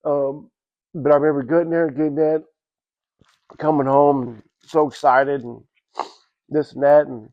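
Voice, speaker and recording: A man giving a casual personal testimony at church, telling it in a halting, rambling way with many restarts and "you know what I'm saying.". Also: a little high, fairly even intonation, lo-fi sound.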